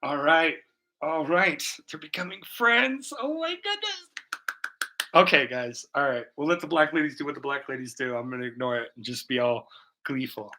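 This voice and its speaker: A man's voice: mid-range voice, steady tone, fairly quick, bright, forceful tone. A young man live-streaming as he paints, chatting loosely and profanely with viewers while he explains his brushwork. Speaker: livestreaming painter.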